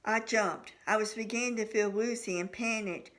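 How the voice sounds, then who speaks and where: A woman's voice: medium pitch, fairly even intonation, moderate pace, fairly bright tone. A woman reading her own novel aloud in the first person, voicing the dialogue of each character. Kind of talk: audiobook narration.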